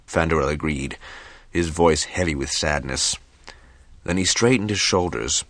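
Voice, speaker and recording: A man narrating an audiobook in an even, measured reading. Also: very deep voice, no room sound. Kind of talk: scripted narration.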